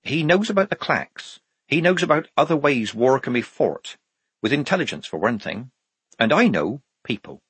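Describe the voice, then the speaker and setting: Brief: tough young woman sergeant, sharp and commanding, lively delivery, read by a man. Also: mid-range voice, moderate pace, breathy edge, no room sound, pitched above the performer's own voice. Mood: firm. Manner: sharp, commanding, barking orders.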